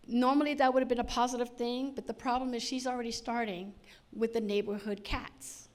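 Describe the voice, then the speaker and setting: A woman's voice: on the high side, fairly even intonation, brisk. A middle-aged woman performing a stand-up comedy set, chatty and punchy, acting out lots of quoted lines. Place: on stage at a comedy show.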